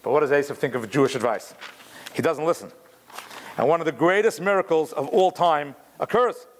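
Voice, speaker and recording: A man teaching a Torah class in an animated way, explaining commentary, restarting often and mixing in Hebrew terms. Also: on the high side, fairly quick.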